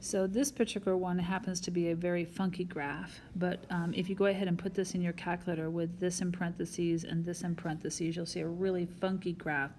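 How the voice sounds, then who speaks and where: A woman math teacher records a whiteboard lesson, patiently explaining each step and speaking straight to her students. Her voice is lowish and a little mellow, with slight background noise.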